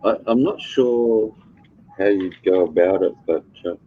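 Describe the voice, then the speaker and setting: A man's voice: low voice, a little slow. A man in casual chat, talking hesitantly with many fillers and some swearing, on a dull, muffled mic.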